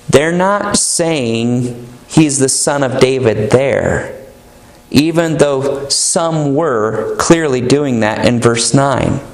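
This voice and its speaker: A man's voice: on the high side, slow. A male pastor preaching a sermon in an earnest, emphatic manner, stretching out key words. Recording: echoey room.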